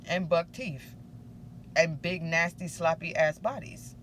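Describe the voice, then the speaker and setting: A woman's voice: on the low side, slow pace, a bit bright, slight background noise. A woman voicing a snide young adult stepdaughter as she reads out her texts in a scornful tone. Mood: sneering.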